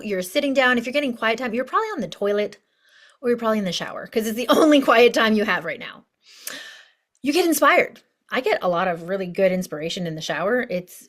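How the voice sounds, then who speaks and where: A woman's voice: fairly high pitch, fairly bright tone. A woman life coach teaching an online course lesson in a bubbly, chatty way, full of asides.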